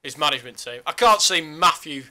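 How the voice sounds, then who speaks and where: A man co-hosts a casual sports podcast, his voice very bright and sharp. He teases his partner constantly, pitched a little high. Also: animated, fairly quick. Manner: teasing, jokey banter. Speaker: podcast co-host.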